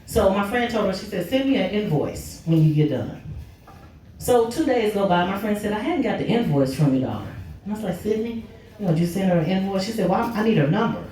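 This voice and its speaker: A woman's voice: fairly quick, recorded from a distance, a little hiss or hum. Woman doing stand-up, echoey club. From Oklahoma. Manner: animated, jumps high in pitch for punchlines. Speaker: stand-up comedian. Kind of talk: stand-up comedy set. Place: comedy club stage.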